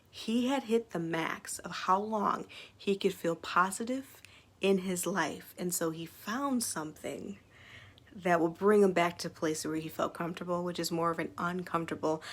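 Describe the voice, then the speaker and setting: A woman who owns a small business, talking casually to her followers about personal growth in an upbeat, chatty way with many fillers. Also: lowish voice. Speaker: small business owner sharing self-development. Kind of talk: casual talk to camera.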